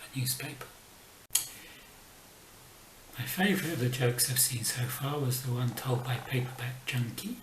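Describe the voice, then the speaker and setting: A man casually telling book jokes as a vlogger, dropping his punchlines softly, sometimes in a whisper. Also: medium pitch, animated, a little fast, far from the mic. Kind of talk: casual joke telling to camera. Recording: echoey room, mic set back, faint noise.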